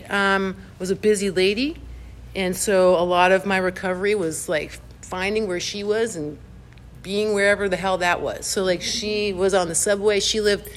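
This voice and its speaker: A woman sharing her recovery story in animated, chatty personal storytelling, full of "like" fillers and acting out her own reactions. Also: medium pitch, slight background noise.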